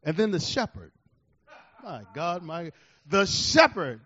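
A male preacher with a notably high voice delivers a sermon, swinging from loud emphatic declarations to hushed, drawn-out words. The recording sounds muffled and lo-fi. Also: sing-song.

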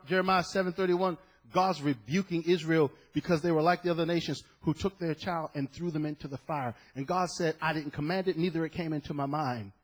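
Impassioned preacher, husky man's voice. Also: fairly high pitch. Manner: impassioned preaching, swinging from hushed to shouting. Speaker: pastor. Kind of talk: sermon. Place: church.

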